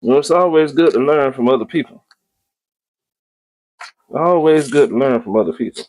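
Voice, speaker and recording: Guiding viewers through a home cooking video, a man speaks easily and casually, calling his audience "y'all" and often repeating a phrase. His mid-range voice is mellow, warm, and animated, at a normal speed, with slight background noise.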